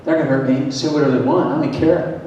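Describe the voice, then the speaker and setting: A man's voice: steady tone, quick pace, a little mellow, natural voice. A man quoting his eager, confident nine-year-old son in a big echoey hall. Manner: eager, matter-of-fact. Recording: echoey hall, distant mic, faint rumble.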